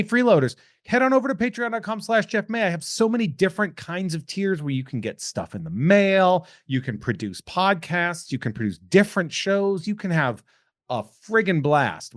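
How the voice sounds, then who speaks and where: A man's voice: a little high, no echo. Joking male podcast host, dry sound. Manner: rambling, jokey, self-deprecating. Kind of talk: casual chat.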